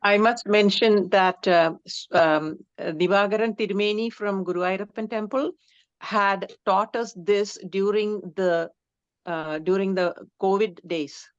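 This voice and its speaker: A woman's voice: medium pitch, fairly even intonation, unhurried, clear, resonant tone, dull audio. A woman in an online class speaking up with a short remark over a video call. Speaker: student.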